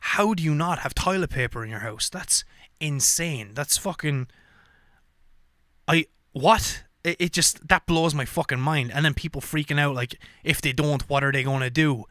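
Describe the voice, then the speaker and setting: Bright-voiced man ranting casually. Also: fairly high pitch, moderate pace, no room sound, studio quality. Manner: profane, animated rants with frequent fillers. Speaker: podcast host.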